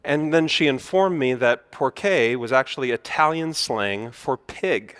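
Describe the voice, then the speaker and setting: A man's voice: medium pitch, expressive, a little slow, a bit bright, clean tone. Man preaching in a reverberant church. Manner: storytelling, conversational with self-deprecating humor. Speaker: pastor. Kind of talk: sermon. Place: church sanctuary.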